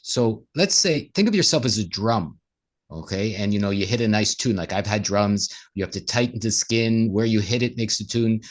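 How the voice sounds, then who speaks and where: Guy w a lowish voice, earnest motivational talk, co-hosting a chat. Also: animated, moderate pace. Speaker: co-host. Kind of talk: casual conversation.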